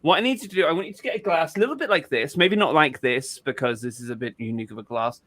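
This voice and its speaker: A man hosting a casual podcast, his voice sitting a little high for a man. He talks loosely, swears without a second thought and doubles back on his own words as he goes. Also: quick pace, fairly bright tone. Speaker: podcast host.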